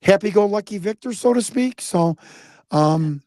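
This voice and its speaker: A man's voice: high voice, expressive, measured pace, mellow. An American man telling a story in a casual interview, rambling, repeating words and acting out the voices he quotes. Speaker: guest investigator.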